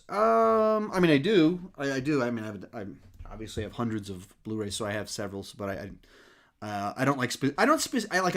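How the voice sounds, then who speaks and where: A man's voice: medium pitch, fairly bright tone. A man hosting a casual live-stream question and answer session, slightly out of breath, rambling with many fillers and restarts. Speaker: host.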